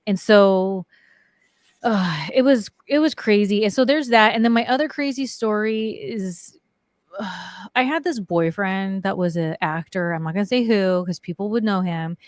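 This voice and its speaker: With a mid-range voice and measured pace, a middle-aged woman chats as a talk show guest, sharing personal stories casually and filling them with "like." The recording is dry.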